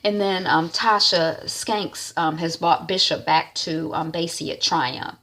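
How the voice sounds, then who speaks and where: A woman's voice: deep voice, fairly even intonation, a little slow, a bit bright. A woman casually recapping a TV episode, rambling with frequent fillers and "and she's like". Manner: rambling, full of "um" and "is like". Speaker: TV recap vlogger.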